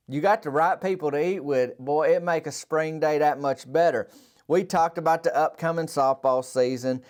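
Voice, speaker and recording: A man's voice: medium pitch, a little mellow, clear, resonant tone. A man with a Southern American accent telling a rambling comic story in a dry, folksy way as a podcast host. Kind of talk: deadpan rural comic storytelling.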